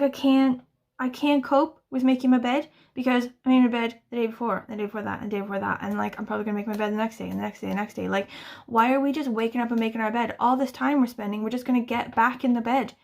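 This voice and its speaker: A woman's voice: on the high side, steady tone, fast, gravelly, a little mellow. A woman in her thirties chatting casually to camera, rambling and swearing freely in exasperated rants. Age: 30s. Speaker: booktuber answering a tag.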